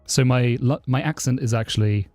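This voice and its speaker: This southern English programmer from southeast London chats casually on a live stream, responding to the chat and warmly thanking subscribers. His accent is near received pronunciation, just less posh. His mid-range voice keeps a steady tone at normal speed, with no echo and faint background music.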